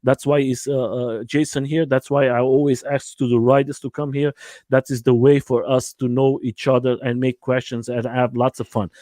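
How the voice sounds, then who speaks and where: A man hosting a casual livestream interview from home, his English halting and non-native, full of fillers and restarts. His voice sits at an ordinary mid pitch and sounds dry and close, with no room echo. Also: flat delivery, mellow. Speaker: livestream host.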